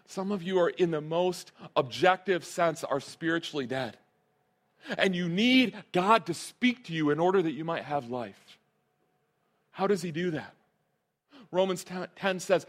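A man's voice: on the high side, lively intonation, unhurried. A male pastor preaching a sermon, earnest and emphatic, repeating his key phrases.

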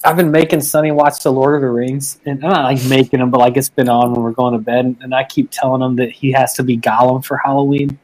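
A man's voice: medium pitch, level tone, fast, hardly any pauses, darkish tone, slight background noise, rough recording. A man in casual chat who rambles through a story about his kid and laughs often. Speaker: parent.

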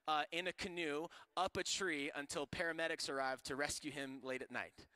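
A man's voice: mid-range voice, sharp tone, clean tone, no echo. A man from Florida preaching a sermon in a casual, joking way full of slang. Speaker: pastor.

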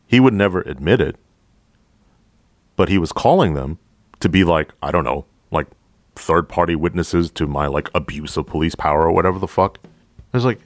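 A man hosting a podcast, a police officer telling a story from the job in a profane, animated way, acting out both sides of the dialogue. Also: deep voice, brisk, pauses often, no echo, studio quality. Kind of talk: storytelling monologue.

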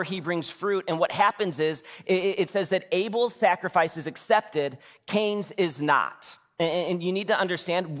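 Conversational pastor preaching in a reverberant church. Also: male voice, sits high, fairly bright tone. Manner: conversational, asks the congregation questions, acts out quotes. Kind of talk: sermon. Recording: long hall reverb.

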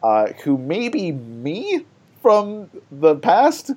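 A man's voice: on the high side, wildly swooping pitch, extremely slow, warm tone, breathy edge. A man hosting a board game podcast, chatting casually and rambling with many fillers and laughs.

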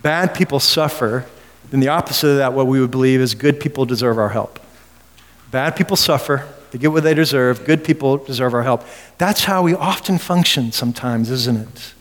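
A man's voice: mid-range voice, moderate pace. A man preaching an expository sermon with emphasis, often putting rhetorical questions to his listeners. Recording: long reverb of a large hall.

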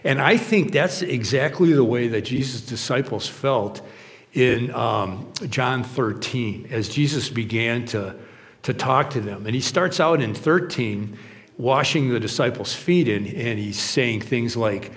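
A man's voice: mid-range voice, a little slow, long reverb tail. A man preaching a sermon as pastor, conversational and casual, retelling scripture in everyday words.

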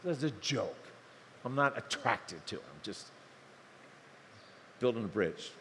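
An older man preaching a sermon, telling stories in a lively, conversational way, acting out dialogue with humor. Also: on the low side, slow, a little hiss or hum. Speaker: pastor. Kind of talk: sermon storytelling. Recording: long hall reverb, faint ambience.

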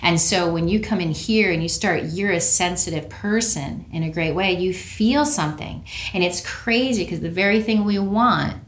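A woman speaking as a practitioner in a conversational interview, earnest and reflective, and lively when she tells a story. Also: lowish voice, normal speed, hardly any pauses. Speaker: network care practitioner, guest. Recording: roomy echo.

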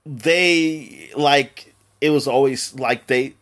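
A man's voice: medium pitch, slow, fairly bright tone. A man in his late thirties co-hosting a podcast, rambling through casual chat with lots of fillers and laughing often. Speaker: podcast co-host.

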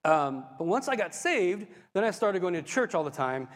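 Picture a male preacher telling his own story with real animation, his pitch riding high and swinging all over. He talks to the congregation with frequent asides. The sound carries the long reverb of a big hall. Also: sing-song, moderate pace. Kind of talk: sermon testimony storytelling.

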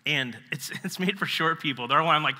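A man's voice: on the high side, brisk, long reverb tail, heavy background noise. A man preaching a casual, conversational sermon as a pastor, acting out quotes and asides. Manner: conversational, animated, acts out quotes. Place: church sanctuary.

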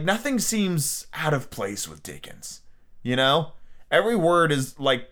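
A young man with a somewhat high, slightly bright voice hosts a podcast where he reads a classic novel aloud. He keeps interrupting the casual reading with blunt, profane, opinionated rants.

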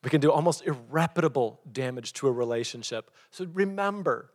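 A man's voice: medium pitch, fairly quick, long reverb tail. A middle-aged man preaching a sermon as pastor, telling stories and acting out what people said. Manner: storytelling, animated, acts out quotes.

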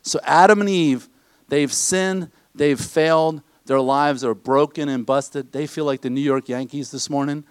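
A man's voice: a little high, steady tone, unhurried, smooth, dry recording. A man preaching a conversational sermon to his congregation in a church, often asking them questions. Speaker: pastor.

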